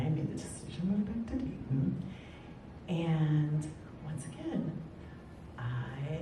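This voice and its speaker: A middle-aged woman telling a personal story on stage at a live storytelling event, animated and emphatic, with chatty asides to the audience. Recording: echoey hall, far from mic, rumbling noise.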